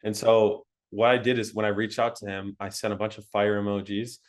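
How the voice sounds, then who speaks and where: Chatty young man, low voice. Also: fairly quick. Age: young adult. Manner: animated, laughing, frequent fillers like "like" and "um". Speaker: interview guest. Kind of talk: casual storytelling interview.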